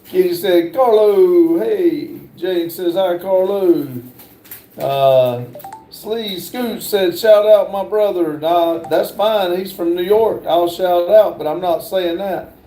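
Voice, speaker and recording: A middle-aged man hosts a casual livestream and reads chat comments aloud, his voice pitched high for a man. He talks slowly and haltingly, with plenty of fillers. His voice sounds mellow, and the room is noticeably echoey. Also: a little hiss or hum. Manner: slow, halting, lots of "uh" fillers. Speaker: livestream host.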